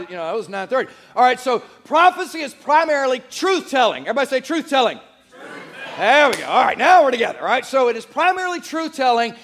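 A man preaching a sermon as pastor, his voice hoarse and squeaky from shouting, leading the congregation in energetic call-and-response. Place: church sanctuary.

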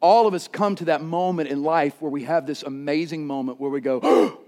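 A middle-aged man preaching a sermon, telling stories with lively energy and bursts of shouting. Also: fairly high pitch, unhurried. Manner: animated storytelling, shouts during anecdotes. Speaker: pastor.

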